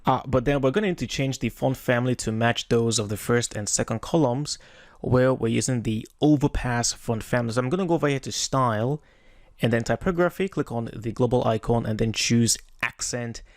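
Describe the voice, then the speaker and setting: A man's voice: mid-range voice, a little fast, no echo, studio quality. Man walking through a screen tutorial. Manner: relaxed, self-correcting step-by-step walkthrough. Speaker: web design tutor. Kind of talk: screen-recorded software tutorial.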